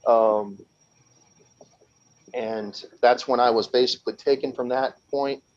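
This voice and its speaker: A man in a relaxed podcast chat, spinning a long winding tale full of restarts and acted-out quotes. His voice sits at a middling pitch. The recording is slightly dull and lo-fi. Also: slow. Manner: rambling, with frequent restarts and laughs, acting out quoted voices. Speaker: podcast guest. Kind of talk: casual storytelling.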